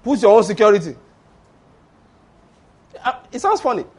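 A man preaching a sermon, animated and acting out the voices of people in his stories. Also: high voice, moderate pace. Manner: animated, acts out voices of Satan and church members.

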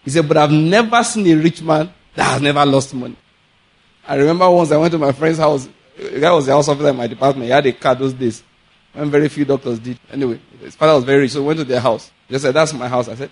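A man with a Nigerian accent preaching a sermon, telling animated stories, laughing often and acting out the people he quotes. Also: on the high side, fast, slightly rough. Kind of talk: sermon with storytelling.

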